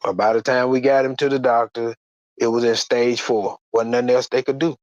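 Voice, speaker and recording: A man giving a personal testimony in a halting, plain-spoken way, often repeating words and restarting. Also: medium pitch, fairly even intonation, darkish tone, no echo, muffled recording. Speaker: guest sharing a church testimony.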